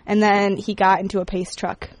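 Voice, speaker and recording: A woman's voice: medium pitch, flat delivery, moderate pace, background noise. Bubbly woman chatting. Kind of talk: casual chat.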